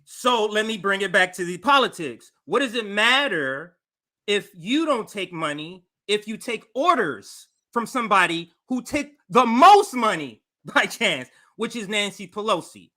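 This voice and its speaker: A man's voice: high voice, very animated, measured pace, bright, forceful tone. A man co-hosting a political talk show, arguing emphatically with analogies and rhetorical questions. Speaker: political podcast co-host.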